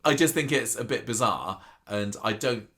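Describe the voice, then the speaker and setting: A man's voice: on the low side, normal speed, a bit bright. A man co-hosting a casual chat, restarting often and acting out characters' lines. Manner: chatty, stumbles and restarts, acts out characters' lines. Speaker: podcast co-host. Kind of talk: casual chat reviewing a soap.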